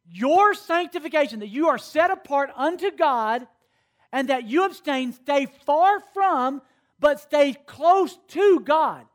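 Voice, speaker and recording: A man in his fifties, a camp speaker, giving an animated, conversational sermon to young people and often checking that they are following. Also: very high voice. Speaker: camp speaker teaching students. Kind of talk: sermon-style teaching to a youth audience.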